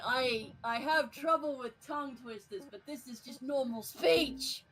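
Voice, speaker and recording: A woman's voice: high-pitched, a little slow, fairly bright tone, low-quality recording. A woman streaming a game and chatting casually, hesitant, with many fillers, restarts and laughs. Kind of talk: casual chat while gaming.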